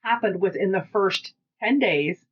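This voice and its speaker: A woman with a Pacific Northwest American accent, co-hosting a podcast in casual chat and telling stories with lively quoted dialogue. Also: medium pitch, measured pace, breathy edge, lo-fi sound. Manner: chatty storytelling, animated quoted dialogue. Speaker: podcast co-host.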